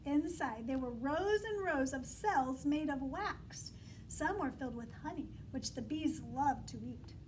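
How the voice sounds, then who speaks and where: High-voiced teacher reading aloud to kids. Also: female voice, measured pace, slight background noise. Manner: animated, coaxing, asks children to repeat. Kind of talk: storybook read-aloud lesson for young children.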